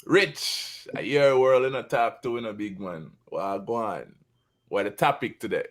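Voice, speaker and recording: A man's voice: lowish voice, moderate pace. A man opening a talk show in a playful mood. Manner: playful, greeting.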